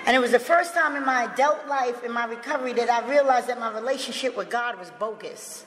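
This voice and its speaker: A woman giving a personal recovery testimony, emphatic and profane, breaking into loud outbursts and laughter. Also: fairly high pitch, fairly quick, a little hiss or hum. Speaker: recovery speaker. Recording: echoey hall with long reverb.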